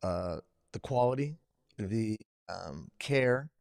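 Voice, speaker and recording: A man hosting a live webcast, sometimes halting with fillers, upbeat when addressing viewers. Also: fairly low pitch, expressive, gravelly, darkish tone, no echo. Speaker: host.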